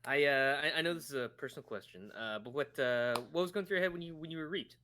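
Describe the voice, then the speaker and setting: A man's voice: a little high, fast, bright, forceful tone. A man voicing a bumbling male TV talk-show host with a celebrity impression, stammering and chuckling through an amateur fanfic table read. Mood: flustered. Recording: noisy stream audio.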